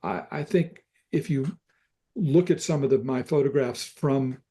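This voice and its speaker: An older Southern man talks slowly and reflectively about photographs, stopping often to search for words. His voice is warm and mellow, with a soft, relaxed tone. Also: mid-range voice. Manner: thoughtful, halting with many fillers. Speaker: photographer guest.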